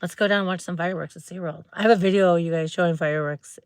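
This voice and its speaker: A woman livestreams from her parked car with a phone held close, talking very fast in a smooth voice with fairly even intonation. She's chatty and bubbly and acts out quotes in squeaky voices. The recording is dry.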